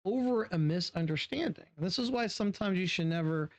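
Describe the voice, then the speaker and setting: A man's voice: high-pitched, expressive, fairly quick. A man reviewing beer who tells a long personal story casually, rambling and swearing, often restarting his sentences. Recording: dull lo-fi sound.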